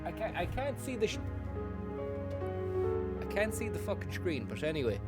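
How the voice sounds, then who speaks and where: A man's voice: sits high, very animated, moderate pace, low-quality recording. A man streaming a game, joking, swearing and talking to his chat. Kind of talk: casual live-stream commentary. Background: loud music.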